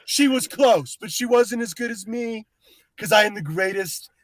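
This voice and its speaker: A man's voice: sits high, animated, moderate pace, poor audio. A man putting on a boastful older politician, bragging in repetitive superlatives.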